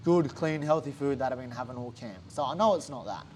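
A man's voice: mid-range voice, animated, brisk, slight background noise. A young Australian man, a fighter, telling a story in a casual interview, swearing a lot and acting out what others said. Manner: swears a lot, acts out quotes animatedly.

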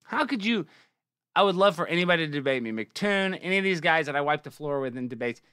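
A young adult man hosting a show, giving mocking, sarcastic commentary that swings from low muttering to loud exclamations. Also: expressive, fast, smooth, no echo, studio quality. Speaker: show host.

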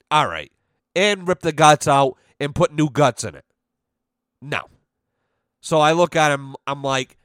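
A man's voice: fairly high pitch, fairly bright tone, dry recording, studio quality. A young man hosting a podcast, telling a casual story in a profane, exasperated way and acting out what others said. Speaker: podcast host.

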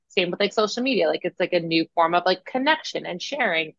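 A young woman co-hosting a podcast, talking casually and thinking out loud with lots of fillers. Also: lowish voice, lively intonation, quick pace, gravelly, hardly any pauses, no room sound, muffled recording. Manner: talkative, thinks aloud with many fillers. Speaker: podcast co-host. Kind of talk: casual chat.

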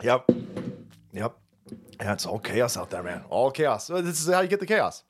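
A man's voice: mid-range voice, very animated, normal speed, slightly rough. A man hosting a livestream, ranting about politics in a profane, rambling way and laughing often. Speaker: livestream host.

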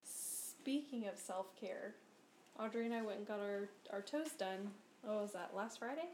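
A woman's voice: medium pitch, measured pace, darkish tone. A young adult woman, a nurse and podcast co-host, chatting casually and teasing her friend with lots of laughter. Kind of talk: casual chat. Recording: roomy recording with faint noise.

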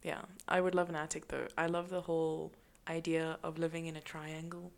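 A woman's voice: low voice, little pitch movement, a little fast, creaky. A young woman co-hosting a podcast in casual chat, laughing often. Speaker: podcast co-host.

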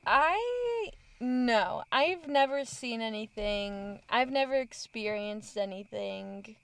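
A woman answering interview questions in a casual, hesitant, halting way. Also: fairly high pitch, lively intonation, vocal fry, clear, resonant tone. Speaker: interview guest.

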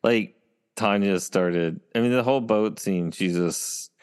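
A man's voice: on the low side, unhurried, a little mellow, clean tone. A man co-hosting a casual TV recap chat, retelling scenes in a meandering way. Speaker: podcast co-host. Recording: long reverb.

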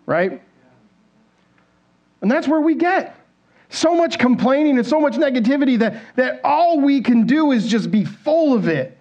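A man with a fairly high voice preaches from a church stage, talking to the congregation as if in conversation. He keeps asking them questions and acts out quoted inner thoughts. The sound is a little dull and lo-fi. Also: big pitch swings, unhurried, a little mellow. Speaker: pastor. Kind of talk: sermon.

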